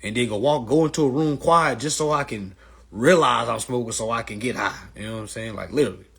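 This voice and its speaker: A man ranting casually and profanely on a phone livestream, animated and loud. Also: mid-range voice, quick pace, gravelly, husky. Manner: animated, profane, mimics others' voices. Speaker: livestream host.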